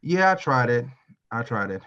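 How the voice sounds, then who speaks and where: A man's voice: medium pitch, very animated, moderate pace, a crowd in the background, lightly acted. A man role-playing a heavyset male client in a sales practice call, talking hesitantly with many fillers. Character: heavy adult male weight-loss prospect. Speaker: role-play prospect, sales trainee. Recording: dull lo-fi sound.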